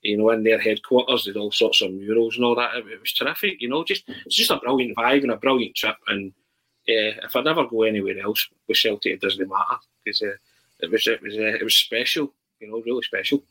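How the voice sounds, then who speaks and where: Man, podcast guest, bright husky tone, animated storyteller who trips over his words. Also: on the low side, rough recording. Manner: animated, halting anecdote-telling with many restarts. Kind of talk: casual storytelling.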